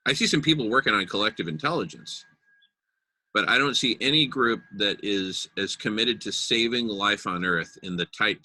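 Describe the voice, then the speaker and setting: A man's voice: on the low side, bright, forceful tone, dry recording. A man hosting a casual group video call, upbeat and enthusiastic. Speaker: meeting host.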